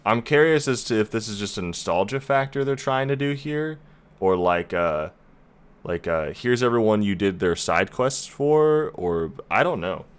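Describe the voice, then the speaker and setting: A man's voice: lowish voice, lively intonation, moderate pace, clear, resonant tone. A man streaming a game, chatting casually and poking fun at himself. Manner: chatty, self-deprecating. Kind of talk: let's play commentary.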